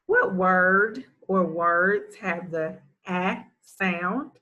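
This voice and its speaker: A woman's voice: on the low side, drawn-out words, hardly any pauses, bright, forceful tone. A woman teaching a first grade phonics lesson, sounding out letters one at a time and praising often. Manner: encouraging, gives frequent praise.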